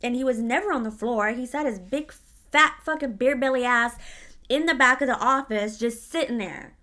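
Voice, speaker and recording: Bright-voiced blunt woman vlogger. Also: fairly high pitch, normal speed. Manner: blunt, swears freely, animated retelling. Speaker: vlogger telling a story. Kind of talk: casual storytime.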